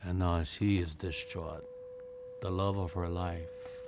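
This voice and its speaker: A man's voice: low voice, level tone, slow pace, background noise. A man with a Hawaiian Pidgin accent telling a legend dramatically, with emphatic repetition. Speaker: teacher storyteller. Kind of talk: oral storytelling. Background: instrumental music.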